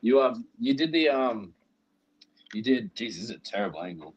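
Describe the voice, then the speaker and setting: This medium-pitched man talks fast, with lively intonation and a breathy edge, as he rambles through a casual call, cursing frequently and ribbing his fellow podcast co-host. The headphone-mic recording sounds muffled.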